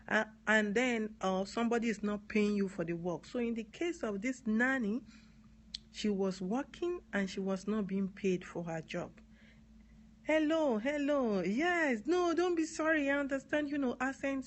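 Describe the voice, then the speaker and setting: A woman from Nigeria with a Nigerian accent, talking earnestly on a live stream, repeating key words and spelling some out. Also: medium pitch. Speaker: advocate live-streaming to viewers. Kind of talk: live-stream talk answering comments.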